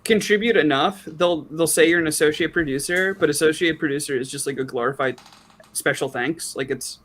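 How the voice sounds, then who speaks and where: A man speaking with wry, explanatory humor in a relaxed chat. His voice is high and bright with a sharp edge. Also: fairly quick. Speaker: guest, film crew worker. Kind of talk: casual chat.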